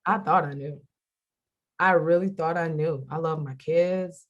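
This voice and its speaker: A woman's voice: deep voice, measured pace, muffled recording. A middle-aged woman, a radio host and comedian, chatting candidly as an interview guest and acting out the voices of people she quotes. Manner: animated storyteller who acts out quoted voices. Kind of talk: candid faith interview chat.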